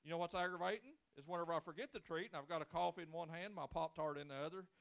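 A man's voice: a little high, very fast, creaky, a bit bright. A man in his forties, a pastor preaching a sermon with folksy, joking storytelling and casual grammar. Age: 40s.

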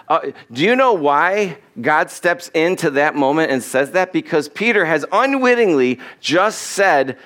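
A man's voice: on the high side, expressive, normal speed, few pauses, fairly bright tone. Man preaching a chatty sermon. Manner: conversational, acts out quoted lines, chuckles. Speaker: pastor.

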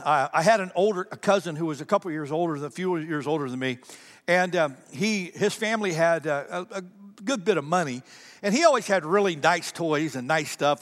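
A man preaching, telling a personal story in an animated way, often repeating words and speaking straight to his audience. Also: on the high side. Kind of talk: sermon storytelling. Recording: reverberant hall.

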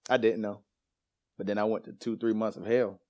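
A man delivers a sermon in a church, his voice sitting a little low. He tells a personal story in a loose, animated way, laughing and dropping casual slang, then moves into scripture. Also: fairly quick. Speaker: preacher. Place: church sanctuary.

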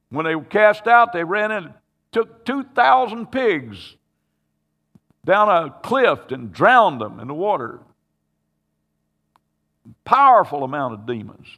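A man preaches a sermon, acting out the people in a scripture story with plenty of drama. His voice sits a little high for a man. It rings with long reverb, as in a large hall. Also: a bit bright.

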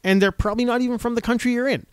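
High-voiced sarcastic man in casual chat. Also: fairly even intonation, very fast, clear, resonant tone, no echo. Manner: sarcastic, swears, acts out quoted people in mocking voices. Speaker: podcast co-host.

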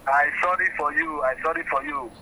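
A man calling in to a radio show by phone who speaks Nigerian Pidgin in a quick, earnest way. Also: fairly high pitch, crowd noise, low-quality recording. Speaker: caller.

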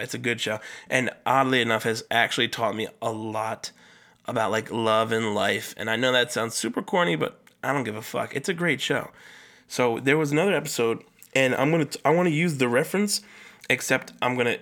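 A male podcast host talking on his own in a loose, rambling monologue. His voice sits at a middle pitch, and he leaps much higher when he stresses a point. He swears freely and fills his talk with "like" and "you know.". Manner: casual, rambling, frequent swearing and fillers; animated, jumps up in pitch for emphasis.

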